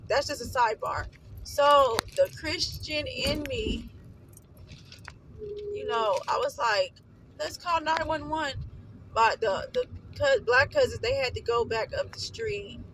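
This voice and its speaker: High, swooping young woman telling a story. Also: background noise. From Oakland, California. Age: young adult. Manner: animated, emotional, wandering with asides. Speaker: vlogger. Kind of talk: casual storytime.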